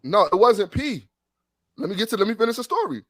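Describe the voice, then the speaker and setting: A man telling a long story in casual chat on a sports podcast, animated and profane, full of restarts. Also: sits high, fairly quick, no room sound. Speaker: podcast co-host.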